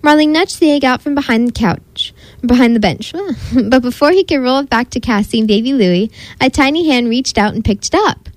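A woman with a fairly high voice reads a children's story aloud, her sing-song delivery rising and falling to keep young listeners hooked. She sounds close to the mic in a dry, dead room. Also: fairly quick, no room sound, low-quality recording. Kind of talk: reading a picture book aloud.

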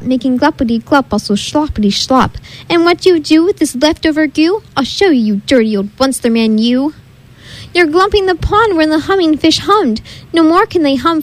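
A woman voicing a grumpy small male forest creature who scolds in a querulous, croaking way, sniffling and coughing, in a storybook read-aloud. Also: sits high, lively intonation, normal speed, pitched above the performer's own voice. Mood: angry. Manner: querulous, croaking, snapping rebukes.

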